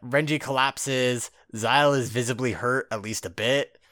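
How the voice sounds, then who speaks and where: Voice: mid-range voice, moderate pace, a bit bright, no room sound, clean studio sound. A podcast co-host in casual recap chat, laughing often, swearing freely and acting out the characters' lines.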